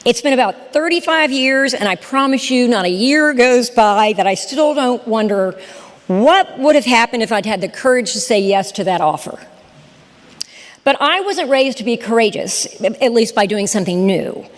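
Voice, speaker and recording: A woman, telling her story in a lively, chatty speech to a live audience. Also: fairly high pitch, moderate pace. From Southern United States. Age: 60s. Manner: animated, chatty, talks straight to the crowd. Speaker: storyteller and podcast host giving a talk. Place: lecture hall with a live audience. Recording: reverberant hall.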